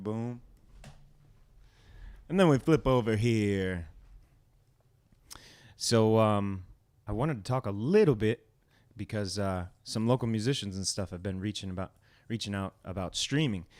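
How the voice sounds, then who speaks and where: A man's voice: on the low side, darkish tone. A man hosting his own music livestream at home, chatting casually and rambling a little as he greets viewers by name.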